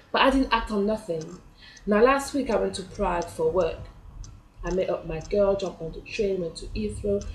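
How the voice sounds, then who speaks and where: A woman, telling a personal story in a chatty way and acting out her own reactions. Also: medium pitch. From France. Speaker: vlogger. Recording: echoey room.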